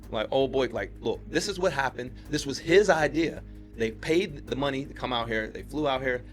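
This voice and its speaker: Animated man telling a story. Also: normal speed, faint music behind. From Pittsburgh, USA. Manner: animated retelling, acts out quotes with rising pitch. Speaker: podcast guest. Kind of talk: storytelling in casual chat.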